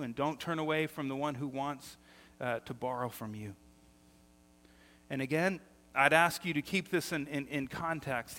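A middle-aged man preaching a sermon as pastor, telling stories with lively energy and often repeating words as he starts sentences. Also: fairly high pitch. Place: church sanctuary. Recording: long hall reverb.

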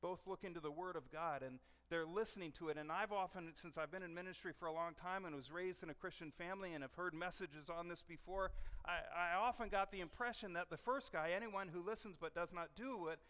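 A middle-aged male pastor preaching a sermon in a conversational, animated way, often restarting his sentences. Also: high voice, brisk. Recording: long reverb of a church hall.

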